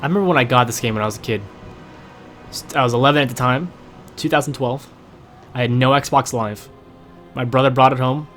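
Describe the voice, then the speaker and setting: A man's voice: mid-range voice, fairly even intonation, fast talker, a bit bright, faint music behind. A young man in his late teens hosting a casual let's-play, rambling and chatty with frequent fillers and self-corrections, recorded on a desk microphone at home. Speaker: gaming channel host.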